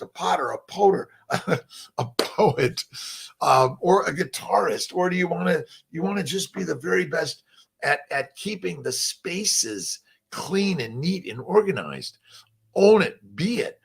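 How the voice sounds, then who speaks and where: A man's voice: fairly high pitch, gravelly, a bit bright, slightly rough. An older man, a doctor hosting a rambling morning motivational talk, folksy and preachy, with many fillers and free swearing.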